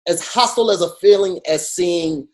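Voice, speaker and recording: A man co-hosting a podcast in casual chat, emphatic and animated, with many restarts as he talks. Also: sits high, normal speed. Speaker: podcast co-host.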